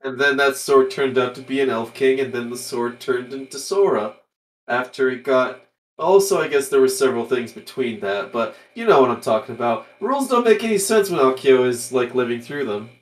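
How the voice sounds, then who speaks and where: A man's voice: mid-range voice, expressive, normal speed, rough recording. A man playing a tabletop game, chatting casually in a rambling, apologetic way. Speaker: player.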